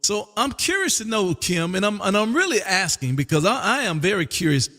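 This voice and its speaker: Very animated and a little fast, this man's high-pitched voice is bright and forceful, with a long reverb tail. He hosts a ham radio stream from Texas, drawling through casual on-air chat, repeating phrases and his call sign, and saying "man" nearly every line.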